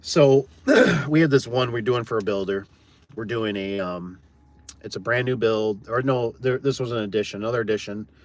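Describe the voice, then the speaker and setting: A man's voice: medium pitch, moderate pace. A man who runs a garage door business, telling a job story in a rambling, blunt, folksy way and often repeating his words. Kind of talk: casual storytelling chat.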